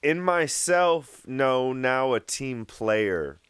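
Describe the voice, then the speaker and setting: A man's voice: medium pitch, lively intonation, extremely slow, a bit bright, clear, resonant tone, dry recording. A man as a musician guest on a casual podcast, joking and rambling as he talks. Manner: jokey, rambling, slips into joke accents. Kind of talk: casual interview chat.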